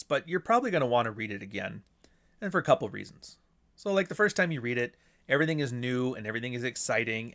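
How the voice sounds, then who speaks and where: A man's voice: mid-range voice, a bit bright. A man hosting a podcast alone, rambling casually and swearing, with mocking asides. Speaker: podcast host. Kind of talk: casual solo monologue.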